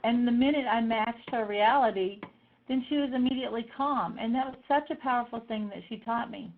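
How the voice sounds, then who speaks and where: A middle-aged woman telling personal stories in a lively way, acting out the voices of the people she quotes. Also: on the high side, a little fast. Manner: animated, acts out voices in quotes. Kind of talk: personal storytelling talk. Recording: tinny phone-like sound.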